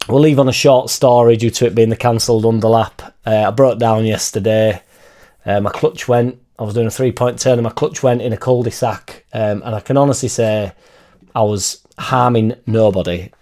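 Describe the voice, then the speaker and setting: A man's voice: fairly low pitch, darkish tone. A man with a Yorkshire accent chatting casually in a football fan vlog, rambling and swearing freely. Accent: Yorkshire English. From Leeds, England.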